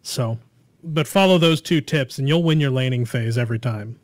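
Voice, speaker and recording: A man's voice: medium pitch, moderate pace, no echo. A man hosting a casual gaming podcast, upbeat and encouraging as he talks straight to his listeners. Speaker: podcast host.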